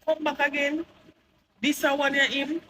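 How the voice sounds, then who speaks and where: A woman's voice: high-pitched, flat delivery, unhurried, a bit bright, low-quality recording. A woman with a Jamaican accent, giving chatty, mocking entertainment news commentary and laughing often. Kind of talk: casual commentary. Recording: noticeable background noise.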